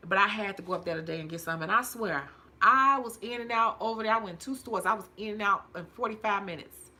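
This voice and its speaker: A woman's voice: mid-range voice, fast talker, pushed and bright. A woman from hosting a casual livestream as a nail technician, chatty and emphatic, repeating her points and laughing often.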